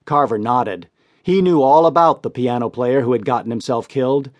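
A man reading crime stories as an audiobook narrator, in steady, measured scripted narration. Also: medium pitch, no echo, lo-fi sound.

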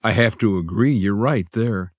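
A man voicing a calm husband who speaks quietly, firmly and reassuringly. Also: fairly low pitch, normal speed, no room sound, clean studio sound, pitched above the performer's own voice, natural voice. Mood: amused. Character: calm, firm baritone husband.

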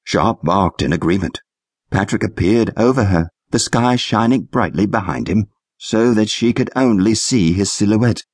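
A man narrating a children's adventure audiobook in an expressive storytelling manner. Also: fairly low pitch, normal speed, breathy edge, no room sound, clean studio sound.

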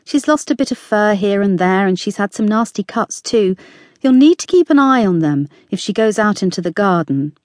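A woman's voice: mid-range voice, expressive, moderate pace, a little mellow, dry recording, clean studio sound, natural voice. A woman voicing a cheerful, caring young woman who works nights at a hospital, talking eagerly and reassuringly.

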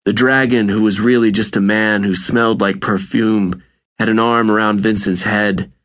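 A man narrating an audiobook in a measured, deliberate reading. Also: on the low side, steady tone, a bit bright. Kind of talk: scripted narration.

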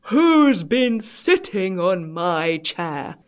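A woman reading an audiobook, voicing a gruff, cross great big father bear who speaks slowly, drawn out and half-whispered. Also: mid-range voice, sing-song.

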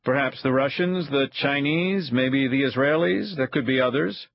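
A man voicing a frail elderly spy chief who speaks softly and with measured calm, in a husky tone. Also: mid-range voice, dull audio. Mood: calm, cold. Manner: soft-spoken, measured.

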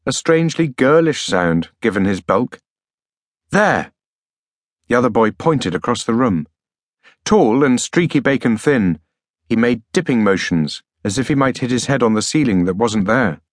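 A man narrating an audiobook thriller in a measured, dark storytelling manner. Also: mid-range voice, dry recording, studio quality. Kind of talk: scripted narration.

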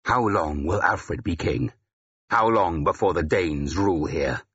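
A growling old Saxon ealdorman, voiced by a male audiobook reader, blunt and weary, snarling his orders. The voice sits very low with a husky edge. The audio is dull and lo-fi. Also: a little slow, fairly bright tone, heavily acted. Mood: gruff. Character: gruff battle-hardened older Saxon ealdorman, blunt. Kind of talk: audiobook character voice.

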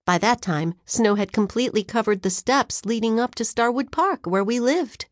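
A woman narrating a children's audiobook with an expressive storytelling manner. Her fairly high voice rises and falls with lively swings. The studio sound is dry and close. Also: moderate pace, dry recording.

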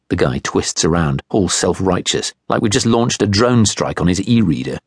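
A man narrating a literary audiobook in a measured, wry first-person style. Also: low voice, expressive, breathy edge, dry recording. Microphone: close studio microphone. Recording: dry close studio recording.

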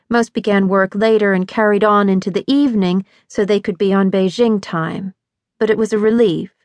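A woman narrating a thriller audiobook in a measured, even reading. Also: medium pitch, dry recording. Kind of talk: scripted narration.

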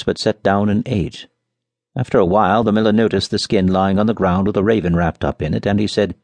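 A man narrating a fairy tale for an audiobook with an expressive storytelling delivery. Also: low voice, a little fast, creaky, dry recording.

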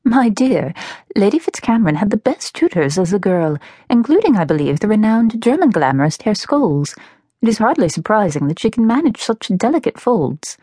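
A woman voicing a composed, proper elder sister in an audiobook, speaking in a measured, prim and polite way. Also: mid-range voice, big pitch swings, mellow, breathy edge, no room sound, clean studio sound, pitched above the performer's own voice. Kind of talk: audiobook character voice.

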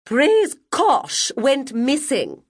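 A woman voicing a shrill, sanctimonious guardian. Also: wildly swooping pitch, heavily acted. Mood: sour, stern. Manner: shrill, preachy, slow and deliberate. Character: prim, sanctimonious woman guardian scolding a child. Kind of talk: audiobook character reading.

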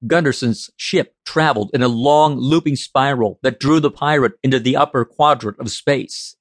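A man narrating a science fiction audiobook in a steady, measured reading. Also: mid-range voice, no room sound, studio quality.

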